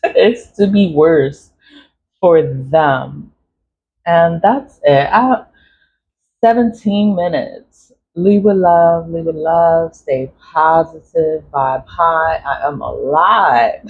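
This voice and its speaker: A spiritual vlogger in a casual, rambling monologue, talking emphatically, repeating phrases and swearing freely. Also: mid-range voice. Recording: dull lo-fi recording, faint noise.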